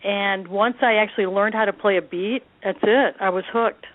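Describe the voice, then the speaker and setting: A woman's voice: mid-range voice, steady tone, moderate pace, no echo. A woman from Detroit, a drummer, telling stories in a casual interview and laughing often. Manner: laughing, chatty storyteller. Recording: dry, phone-like line.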